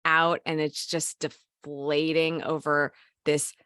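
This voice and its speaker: A woman hosting a podcast who thinks aloud in an expressive, playful way. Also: low voice, slow, clean tone, no echo, clean studio sound. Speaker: podcast host. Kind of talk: casual podcast conversation.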